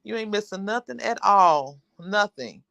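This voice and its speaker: A woman's voice: mid-range voice, expressive, unhurried, vocal fry, fairly bright tone, dry recording. A woman hosting a casual livestream, chatting with viewers in a rambling, talkative way. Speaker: livestream host.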